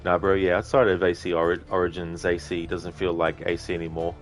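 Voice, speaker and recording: A man's voice: low voice, level tone, fairly quick, soft background music. A man streaming a video game, chatting casually and rambling as he answers viewers' messages. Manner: rambling, talkative, answers chat directly. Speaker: gaming streamer. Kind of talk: casual live-stream chat while playing.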